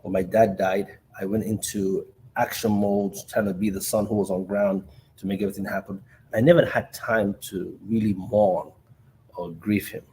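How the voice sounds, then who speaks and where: A man hosting a podcast, telling a personal story in a hesitant, halting way. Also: on the low side, flat delivery, a little mellow, slight background noise. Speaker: podcast host. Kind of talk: conversational podcast talk.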